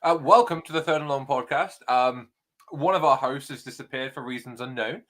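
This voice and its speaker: A British man hosts a casual podcast over a video call, chatting playfully and rambling with flustered asides. His mid-range voice is fairly bright, and he talks a little fast.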